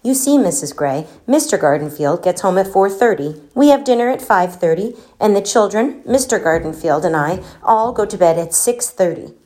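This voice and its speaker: A woman's voice: mid-range voice, expressive, moderate pace, hardly any pauses, a little mellow, natural voice. Woman doing a huffy, curt neighbor lady.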